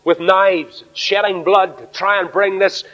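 A man's voice: high voice, fairly even intonation, unhurried, a bit bright. An Irish man preaching a sermon, emphatic and speaking straight to his congregation. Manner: emphatic, addresses the congregation directly. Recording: dull recording in a reverberant hall.

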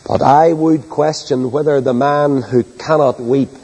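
A man's voice: fairly even intonation, measured pace, husky. Impassioned preacher, man, echoing hall. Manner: impassioned, soaring to loud high peaks then dropping low and quiet; rhetorical questions to the congregation. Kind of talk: sermon.

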